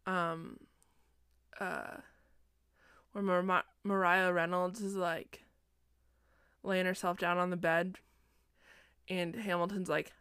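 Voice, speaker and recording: Sleepy, chatty young woman with vocal fry. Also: fairly low pitch, flat delivery, slow, pauses often, fairly bright tone, dry recording, clean studio sound. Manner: chatty, self-deprecating, digressive. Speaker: podcast host. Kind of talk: casual book recap.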